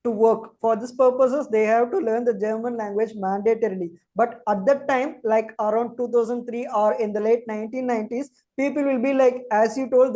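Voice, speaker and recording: Woman, interviewer, polite, long asides, mellow tone, slightly high. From India. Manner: addresses guest as ma'am, long explanatory asides. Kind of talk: interview questions.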